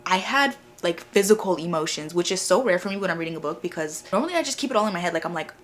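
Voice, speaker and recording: A young woman chatting casually in a reading vlog, gushing and excitable, full of repeats and fillers. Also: lowish voice, very fast. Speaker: book vlogger.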